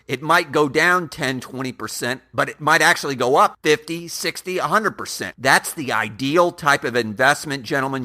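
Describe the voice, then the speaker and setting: A man hosting an investing channel, talking earnestly and emphatically to his viewers, often addressing them as gentlemen. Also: mid-range voice. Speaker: channel host. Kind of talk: scripted investing talk to camera.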